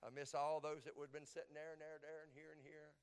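A man preaching a sermon as a pastor in a nearly empty church, stammering through repeats as he swings between soft pleading and loud, fervent declarations. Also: a little high, flat delivery, quick pace, clear, resonant tone. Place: church sanctuary, mostly empty.

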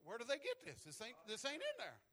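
A man preaching a sermon tells stories in a low voice before building up to shouting, often repeating words as he starts phrases. He speaks quickly, and his pitch swoops wildly.

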